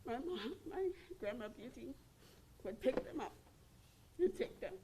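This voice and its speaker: A woman who is a family member, giving a fond, story-filled eulogy at a funeral service with soft pauses. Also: a little high, expressive, background noise. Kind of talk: funeral tribute speech.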